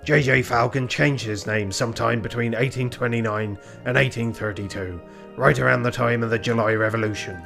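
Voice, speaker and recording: A man voicing a stern male rooster police inspector with a pirate voice, speaking slowly and gravely. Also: medium pitch, steady tone, a bit bright, soft background music.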